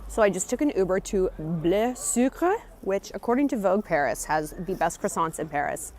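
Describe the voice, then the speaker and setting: A woman talking to camera in a casual travel vlog, chatty, excitable and jokey, recorded outdoors on a handheld camera. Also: medium pitch, normal speed, a little hiss or hum. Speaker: travel vlogger. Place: outdoors on a café patio and in city streets.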